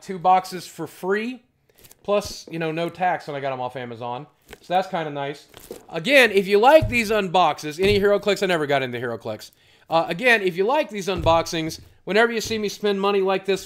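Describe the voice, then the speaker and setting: Rambling, somewhat high-voiced male streamer. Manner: rambling, answers chat questions aloud; blunt and profane. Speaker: livestream host. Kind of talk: casual livestream chat.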